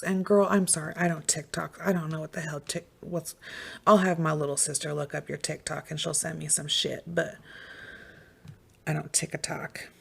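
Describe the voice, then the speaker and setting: A woman with a fairly low, gravelly, slightly rough voice hosts a casual true-crime podcast, speaking emphatically, swearing freely and saying "like" constantly.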